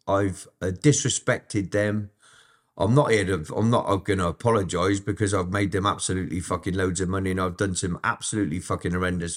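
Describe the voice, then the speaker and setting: A man telling his story in a candid interview, blunt and full of swearing, often restarting his sentences. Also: sits low. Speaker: interview guest.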